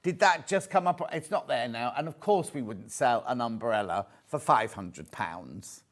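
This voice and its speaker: A British man with a mid-range voice presents on a live shopping channel from a TV studio, animated yet unhurried. His sales pitch is chatty and jokey, and he repeats prices as he shows products.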